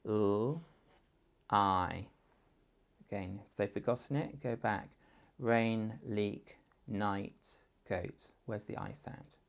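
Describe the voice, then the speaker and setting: A man's voice: on the low side, slow pace, gravelly, long pauses. A man with an English accent, a teacher patiently walking parents through a phonics writing exercise step by step. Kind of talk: instructional guidance for parents.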